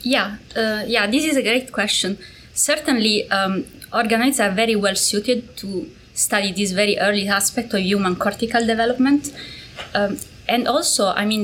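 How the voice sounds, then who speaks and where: A woman's voice: medium pitch, a bit bright, slight background noise. A woman with an Italian accent, a researcher on a panel, explaining with many hesitant fillers. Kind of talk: academic panel discussion.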